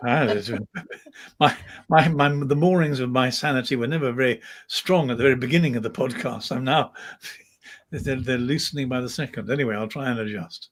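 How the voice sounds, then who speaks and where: A man's voice: medium pitch, moderate pace. A man with a Received Pronunciation accent, co-hosting a casual chat with dry, self-mocking humour. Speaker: co-host.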